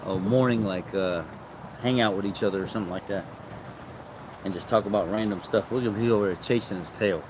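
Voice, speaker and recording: A man's voice: lowish voice, fairly quick, noisy background. A man hosting a casual morning livestream outdoors, chatting about his dogs and talking to them. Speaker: livestream host.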